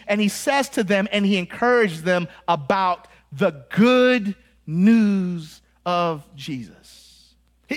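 A man with an American accent and a voice that sits high preaches a sermon in an animated, conversational way, adding joking asides and acting out quotes.

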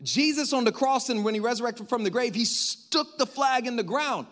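Speaking at normal speed, a preacher with a high, slightly bright voice delivers his sermon casually and conversationally. He talks straight to the congregation, asking questions and tossing in jokes along the way.

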